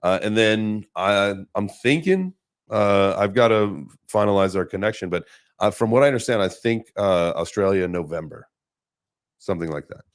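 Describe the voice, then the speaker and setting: On the low side and at a moderate pace, this man's voice carries casual podcast chat as he meanders through stories full of filler words.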